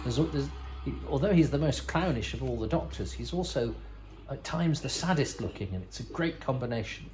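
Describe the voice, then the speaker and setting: A man's voice: medium pitch, expressive, a little fast, darkish tone, a little hiss or hum, poor audio. A man hosting a podcast, giving casual, rambling commentary over a TV episode with wry asides and frequent self-corrections. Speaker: podcast host.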